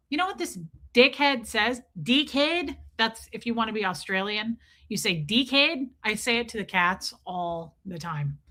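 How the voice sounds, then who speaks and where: A woman hosting a casual livestream, telling a story in an animated, profane ranting way and answering chat comments. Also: fairly high pitch. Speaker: livestream host.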